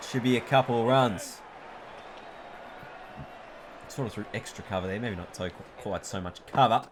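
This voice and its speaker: A man doing play-by-play commentary on a cricket video game, chatty and excitable, jumping up at big moments and correcting himself as he goes. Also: fairly low pitch, normal speed, crowd noise, noisy background.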